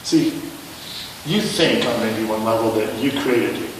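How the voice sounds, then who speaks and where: A man's voice: on the low side, animated, unhurried, background noise. A male minister giving a sermon in a conversational, self-mocking way, asking rhetorical questions. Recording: echoey hall, mic at a distance.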